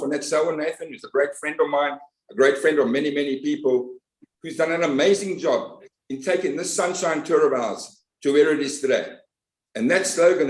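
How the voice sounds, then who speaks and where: A man, hosting and introducing a guest with warm praise. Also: fairly high pitch. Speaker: host. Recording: roomy echo.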